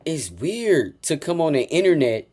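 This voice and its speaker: A man with a slightly high voice tearing into someone in a profane reaction rant. He taunts and repeats his insults, and drops from low muttering to sudden loud outbursts. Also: big pitch swings, normal speed, slightly rough. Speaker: reaction commentator.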